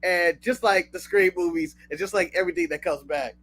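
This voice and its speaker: A man's voice: sits high, a little fast, fairly bright tone. A man from the United States co-hosting a wrestling podcast, talking bluntly in casual chat, swearing freely and laughing at his own jokes. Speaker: podcast co-host.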